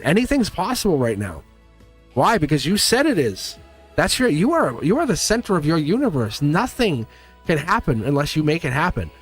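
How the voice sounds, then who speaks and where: A man hosting a live tarot stream, reading cards and telling a story in a chatty, animated way, laughing often and repeating himself. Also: fairly high pitch. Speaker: tarot reader and livestream host.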